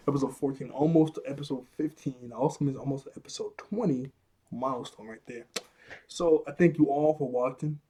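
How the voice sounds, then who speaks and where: Dude chatting thru a cartoon recap, laughs a lot, kinda husky, soft mellow tone. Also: male voice, mid-range voice. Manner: chatty and rambling, laughs often, slangy. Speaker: cartoon episode reviewer. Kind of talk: casual recap commentary.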